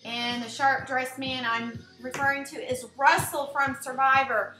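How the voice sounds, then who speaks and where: A woman giving a blunt, animated casual rant to the camera as a vlogger. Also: high-pitched, a little slow, hardly any pauses, reverberant, soft background music.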